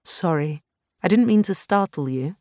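A reader voicing a calm, courteous woman lunar explorer who speaks in a measured, formal way. Her reassurances come out gentle and unhurried. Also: fairly low pitch, dry recording, clean studio sound, close to an everyday voice.

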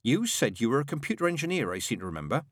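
A man's voice: medium pitch, very animated, racing, no echo, voice pushed up. A man reading an audiobook voices Anathema, a composed young woman with a cool, dry, sweetly pointed way of talking. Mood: wry. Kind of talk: audiobook narration.

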